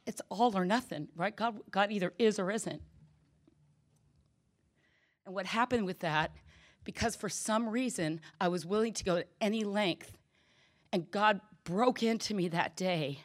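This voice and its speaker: A middle-aged woman giving a candid personal testimony at a recovery meeting, telling stories and acting out the quoted dialogue. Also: mid-range voice.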